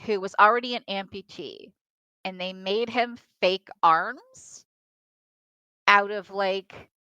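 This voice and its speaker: A young woman co-hosting a podcast, talking in a measured, thoughtful way with some hesitant fillers. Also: medium pitch, steady tone, pushed and bright, clean tone, no echo. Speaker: podcast co-host. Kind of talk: casual film discussion.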